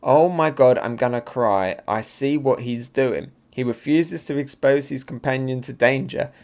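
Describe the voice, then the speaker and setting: A man's voice: mid-range voice, close to an everyday voice. A man voicing a group of swooning lady henchmen from a comic, gushing and squealing. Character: woman fan swooning, a group of lady subordinates.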